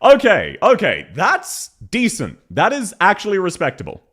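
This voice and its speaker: An Australian man streaming and casually reacting to voice clips, blunt and quick to laugh, swearing freely. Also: high-pitched, huge pitch swings, a bit bright, husky. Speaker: streamer reviewing voice acting.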